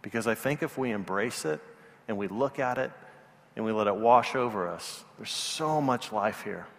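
A man's voice: fairly low pitch, animated, normal speed, creaky, big-room sound. A male pastor giving a sermon, telling stories in a self-deprecating, earnest way.

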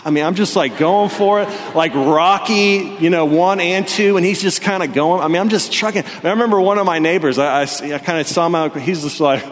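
A young man preaching a sermon, telling stories with animated energy that rises loud and high when he gets excited. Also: a little fast, few pauses, slight background noise. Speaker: pastor. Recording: long reverb of a hall.

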